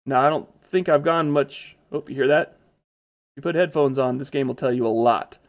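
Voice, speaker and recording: A man's voice: mid-range voice, fairly even intonation, normal speed. A man giving casual, chatty commentary over his own gameplay, blurting out exclamations when startled.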